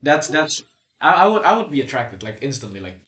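A man's voice: medium pitch, sing-song, a little fast, fairly bright tone. A seventeen-year-old boy co-hosting a casual podcast chat, rambling with many restarts and fillers. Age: teens. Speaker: podcast co-host. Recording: echoey room.

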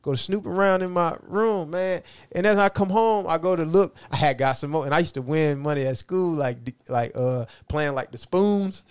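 A man's voice: a little high, moderate pace, few pauses, smooth, dry recording, studio quality. A middle-aged man telling stories from his life in a rambling, casual way, often asking "you know what I'm saying". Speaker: interview guest. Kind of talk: casual storytelling.

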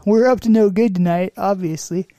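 A man's voice: sits high, brisk, mellow, dry recording. A man co-hosting a podcast in casual chat, joking and laughing often between remarks. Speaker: podcast co-host.

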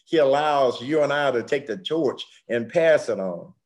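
An older man preaching a sermon, swinging dramatically from hushed, slow passages to loud ones. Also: mid-range voice, animated. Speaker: pastor.

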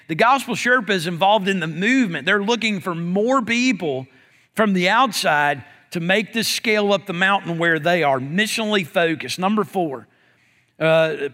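A man's voice: high voice, expressive, moderate pace, sharp tone. A man preaching a sermon as pastor, in a conversational style and often saying "man" to the congregation. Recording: long reverb of a church hall.

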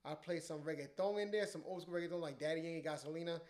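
Young man, DJ, casual podcast chat, profane storyteller, somewhat high pitch. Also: rapid-fire, darkish tone. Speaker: DJ and podcast co-host. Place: podcast studio.

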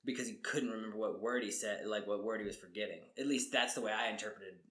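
Bright-voiced man rambling casually. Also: lowish voice, fast. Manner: rambling, many "like"s and "you know"s. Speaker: podcast co-host discussing a book. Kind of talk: casual chat.

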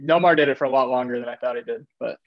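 A man's voice: medium pitch, racing, muffled recording. A man, the show's producer, chiming in earnestly to argue a baseball point. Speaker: podcast producer. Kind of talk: casual baseball chat.

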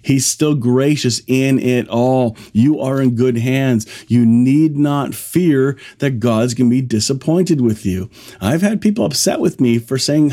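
Mellow-voiced emphatic male preacher. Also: lively intonation, a little slow. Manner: emphatic, with exclamations and swings in pitch. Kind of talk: sermon with scripture reading.

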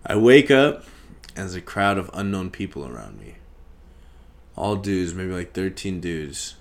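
A young man hosting a podcast, telling a story in a casual, profane, animated way and acting out the scenes. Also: deep voice, normal speed. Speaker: podcast host.

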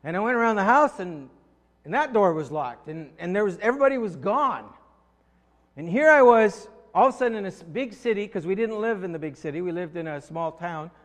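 A man's voice: high voice, lively intonation, a little fast. A man preaching a sermon, telling a story and acting out quoted voices, often repeating words as he starts a thought. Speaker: pastor. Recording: long hall reverb.

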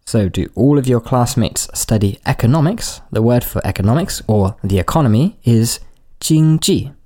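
A man's voice: medium pitch, expressive, moderate pace, dark tone. A man from the United Kingdom co-hosting a podcast language lesson, breaking words down and explaining them. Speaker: podcast co-host.

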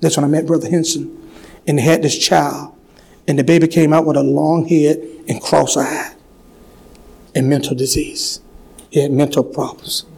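High-voiced pastor preaching fervently. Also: male voice, little pitch movement, gravelly, husky, low-quality recording. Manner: swings from hushed, slow storytelling to loud, fervent preaching. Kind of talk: sermon. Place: church sanctuary.

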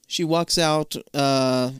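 A co-host chatting loosely on a podcast, cutting in with corrections and the odd curse. The voice sits at a middle pitch. The sound is dry and close. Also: steady tone, slow pace, smooth, no echo. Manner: chatty, swears, jumps in with corrections. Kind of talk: casual chat.

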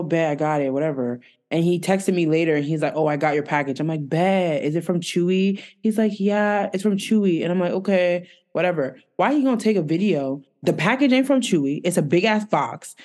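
A woman co-hosting a home podcast, ranting with exasperation and plenty of swearing while telling a story. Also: fairly low pitch. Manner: exasperated, profane, animated storytelling. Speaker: podcast co-host. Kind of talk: casual ranting chat. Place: home room with dogs.

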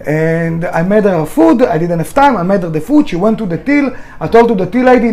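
Blunt, high-voiced man telling stories. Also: expressive, moderate pace, hardly any pauses, darkish tone. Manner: blunt and emotional, swears freely. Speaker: restaurant founder. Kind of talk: candid storytelling interview.

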